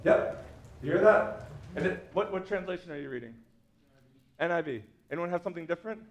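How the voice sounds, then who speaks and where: Pastor guy teaching a class, kinda high voice, lots of like and right? in every sentence. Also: animated, fairly quick, muffled recording, a little hiss or hum. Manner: chatty, many fillers like "like" and "right?". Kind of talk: casual teaching talk to a congregation.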